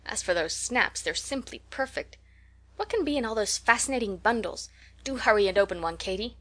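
A woman reading aloud, voicing a lively, teasing schoolgirl in a higher, brighter voice. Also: fairly quick. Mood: eager. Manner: playful, mock-polite, high and bright.

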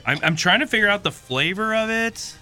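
A man's voice: sits high, lively intonation, brisk, bright, forceful tone, faint music behind. A man who is a pastor, judging a cooking contest on a radio show with easygoing, thoughtful comments. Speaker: pastor and guest judge. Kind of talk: casual studio banter.

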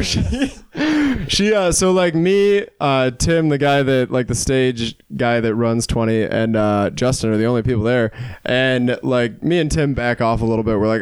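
A man telling animated, profane stories on a casual comedy podcast, laughing often and filling his talk with "like". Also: mid-range voice, moderate pace, clean tone, no room sound, clean studio sound. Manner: animated, profane, laughing storyteller with many "like" fillers. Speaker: guest comedian.

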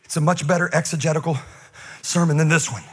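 Animated, high-voiced preacher man. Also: a little hiss or hum. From North Carolina. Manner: animated, fast, full of asides and laughter. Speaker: pastor. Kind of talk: comedic sermon storytelling.

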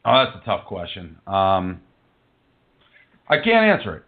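A man's voice: sits low, huge pitch swings, a little slow. A man hosting a call-in radio show, talking bluntly and rambling casually between callers. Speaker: host taking listener calls. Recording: narrow phone-like audio.

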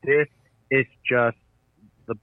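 A man's voice: medium pitch, fairly even intonation, takes it slowly, no room sound. A nineteen-year-old man, a guest in a political chat, talking hesitantly with many ums and uhs. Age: teens. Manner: hesitant, fills with uh and um. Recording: tinny phone-line sound.

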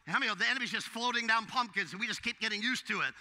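Male pastor, high and very bright voice, big reverberant church hall. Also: very fast. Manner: preachy, swings from hushed to loud. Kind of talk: sermon.

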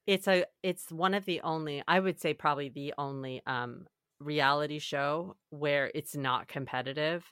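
A woman's voice: low voice, normal speed, fairly bright tone, clean tone, dry recording, clean studio sound. A woman chatting as a podcast guest, talkative and laughing often. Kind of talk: casual chat.

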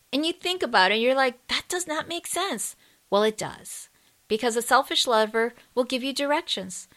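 A woman's voice: medium pitch, fairly bright tone. A woman co-hosting a podcast, talking in an upbeat, emphatic way. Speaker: podcast co-host. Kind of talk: casual podcast chat.

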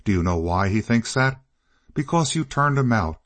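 A man's voice: mid-range voice, animated, normal speed, a bit bright, voice pushed up. A man doing earnest young Kate Pollard. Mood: pleading. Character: earnest young woman, passionate and pleading.

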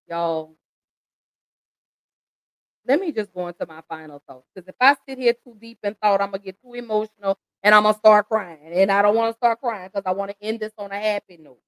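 An American woman speaks with passion and urgency, pleading directly with her audience and calling them y'all. Her voice sits at an ordinary middle pitch. The recording is dry and close, with no room sound. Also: no echo, poor audio. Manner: impassioned, pleading, addresses listeners as y'all. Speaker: host. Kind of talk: emotional commentary.

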